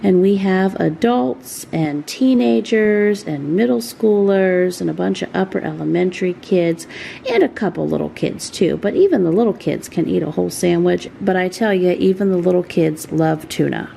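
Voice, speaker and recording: A woman with a low, gravelly voice talks through her kitchen routine in a chatty vlog. She explains each step as she works. A faint hiss sits under her voice. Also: lively intonation, moderate pace, warm tone. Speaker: vlogger, mother of a large family. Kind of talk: casual narrated home vlog.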